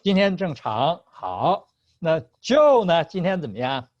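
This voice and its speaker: Guy teaching a chinese class over video call, slow and patient, voice goes up and down a lot, kinda muffled. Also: on the high side, sing-song, a little mellow, no echo. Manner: patient, mixes Chinese and English, laughs often. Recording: slightly dull video call audio.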